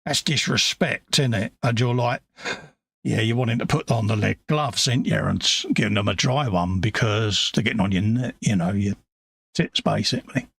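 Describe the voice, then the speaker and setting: A man's voice: fairly low pitch, normal speed, creaky, a bit bright, breathy edge, no room sound, clean studio sound. A man in his fifties with a strong British regional accent, chatting bluntly on a live stream and reading out viewer comments. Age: 50s. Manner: blunt, chatty, self-deprecating banter.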